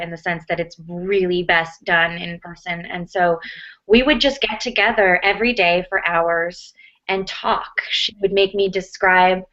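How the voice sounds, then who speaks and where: A woman's voice: fairly low pitch, bright, forceful tone. An American woman answering interview questions casually, chatty with lots of fillers and restarts. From United States. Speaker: actress, interview guest. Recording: muffled lo-fi audio.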